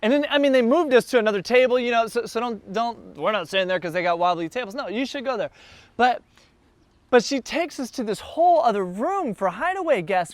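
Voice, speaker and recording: A man who is a church planter, telling a casual, animated story to a group gathered in a backyard. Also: very high voice, moderate pace, no echo. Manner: animated, builds excitement as the story goes on. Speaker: church planter addressing his launch team.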